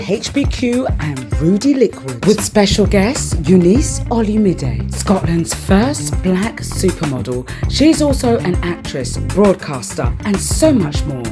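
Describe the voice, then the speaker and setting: A woman announcer with a lower voice reads a scripted radio promo in a very lively, up-and-down delivery. Clear backing music plays under her voice throughout. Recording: voice over loud backing music.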